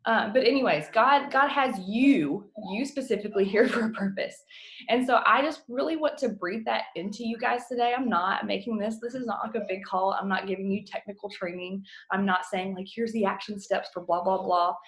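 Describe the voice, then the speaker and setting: A woman in her thirties gives a heartfelt pep talk to her team over a video call from home. Her voice sits at an ordinary middle pitch, and she sounds earnest and close to tears at times, talking casually with fillers. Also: fairly quick, fairly bright tone. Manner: earnest, emotional, choking up at times. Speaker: team coach.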